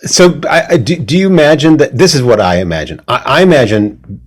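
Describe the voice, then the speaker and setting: An American man hosting an interview, asking questions in a halting way with many restarts and easy laughter. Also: medium pitch, lively intonation. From United States. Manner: halting, full of fillers and restarts, laughs easily. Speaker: podcast host. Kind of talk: casual interview.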